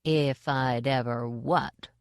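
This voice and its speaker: A woman voicing a proud, stern old witch woman who speaks quietly and growls her words in an audiobook. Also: extremely low pitch, moderate pace, dry recording, clean studio sound. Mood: cold. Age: older. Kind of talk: audiobook character voice.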